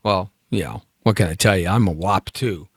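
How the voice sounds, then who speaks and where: A man's voice: low-pitched, normal speed, husky, no room sound, studio quality. A man hosting a live talk show, musing and joking in a rambling way, with many fillers. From United States. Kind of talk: rambling live-stream monologue.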